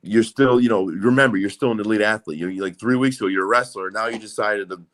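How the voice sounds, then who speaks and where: A man's voice: on the low side, fast, fairly bright tone. A man in his forties, a guest in a casual interview, talking in a rambling way with lots of fillers and frequent swearing.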